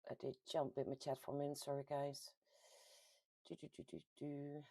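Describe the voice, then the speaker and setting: A woman from the Netherlands with a Dutch accent hosts a casual livestream, chatting and reading viewer comments aloud. Her voice sits fairly low and she laughs easily. The sound is dry and close, with no room echo. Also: little pitch movement, normal speed, warm tone. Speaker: livestream host reading chat. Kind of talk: casual live chat. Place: at home.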